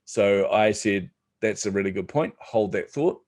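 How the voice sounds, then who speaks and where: A middle-aged man, a podcast guest telling his business story in a relaxed, joking way. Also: on the low side, unhurried. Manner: relaxed, joking, many ums. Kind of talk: casual storytelling interview.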